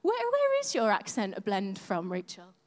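A woman's voice: mid-range voice, wildly swooping pitch, moderate pace. A woman leading a church service, speaking in a chatty, upbeat way as she opens the sermon. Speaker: church leader. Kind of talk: sermon introduction. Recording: long hall reverb.

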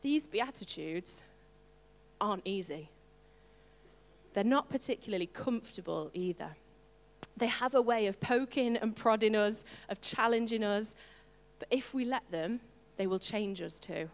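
A woman preaching a sermon to her congregation, animated and playful, with asides to the listeners. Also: medium pitch, a little slow, in a large hall. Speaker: pastor.

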